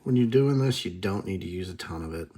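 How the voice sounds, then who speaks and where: A man's voice: sits low, animated, fast, mellow. A man hosting a casual workshop video, talking through his work at a bench with dry, self-deprecating asides and muttered remarks. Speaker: host. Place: workbench.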